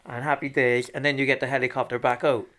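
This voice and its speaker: A man's voice: medium pitch, quick pace. Swearing man around forty, storytelling. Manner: swears freely, animated, acts out quotes. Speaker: guest. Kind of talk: casual storytelling chat.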